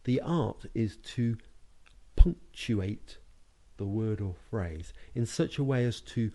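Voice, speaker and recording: Calm, deep-toned British man teaching. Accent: British English. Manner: slow, deliberate, hypnotic phrasing with marked words. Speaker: hypnotherapy and NLP trainer. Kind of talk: recorded lesson narration over slides.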